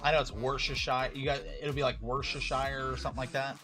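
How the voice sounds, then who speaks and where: A man's voice: mid-range voice, flat delivery, fast talker, bright, forceful tone, faint music behind. A man hosting a live card-break stream, chatting casually and arguing his opinions with lots of restarts. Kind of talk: casual livestream chat.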